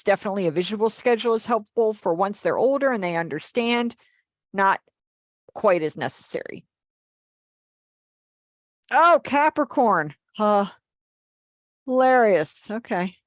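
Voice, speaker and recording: A woman's voice: mid-range voice, no room sound, clean studio sound. A middle-aged woman teaching a live online class, explaining patiently and checking in with her students. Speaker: sign language teacher.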